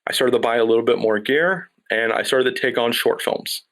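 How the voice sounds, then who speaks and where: A man in his thirties, a production sound mixer, telling a career story in a casual interview with an animated, anecdotal manner. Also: mid-range voice, brisk. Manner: lively anecdotal storyteller, acts out dialogue.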